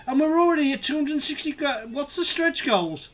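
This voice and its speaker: A man hosting a live stream, excitedly counting up backer totals and cheering milestones. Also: very high-pitched, normal speed, few pauses. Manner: excitable, counting numbers aloud, shouting at milestones.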